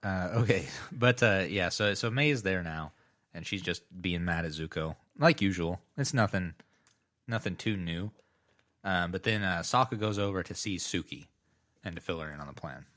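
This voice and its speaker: A man's voice: low voice, normal speed, a bit bright. A man co-hosting a casual podcast, recapping a cartoon episode in a laid-back, rambling way. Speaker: podcast co-host.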